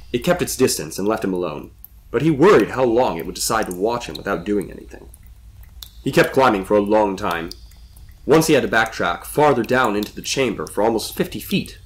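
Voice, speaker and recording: A man reading a suspenseful story as a storyteller with steady narration. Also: lowish voice, brisk.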